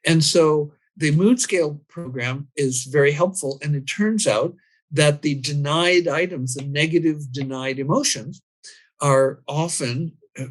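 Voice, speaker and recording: Animated storytelling man, slightly high voice. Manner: animated storyteller, acts out his own quoted lines. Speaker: institute founder explaining his training. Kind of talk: storytelling explanation.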